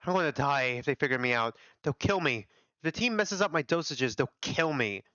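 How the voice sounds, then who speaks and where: A frantic young man, played by a man, pleading breathlessly and spiraling into panic, his pitch leaping around. The voice is bright and sits up close on a dry, lo-fi mic. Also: lively intonation, fairly quick, no echo. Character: panicked young man begging for help on phone.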